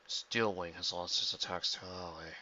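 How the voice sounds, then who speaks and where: A man reading a fan story voices a scheming male unicorn villain, speaking slowly and coldly in a low mutter. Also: gravelly, sharp tone, highs cut off, exaggerated voice. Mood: scornful. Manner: slow, cold, muttering.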